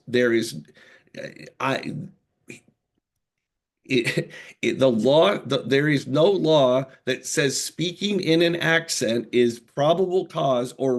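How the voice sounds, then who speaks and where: A lawyer from the United States answering questions live, earnest and reassuring, halting often with fillers and restarts. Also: male voice, on the high side, vocal fry. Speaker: immigration lawyer. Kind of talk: live Q&A explanation.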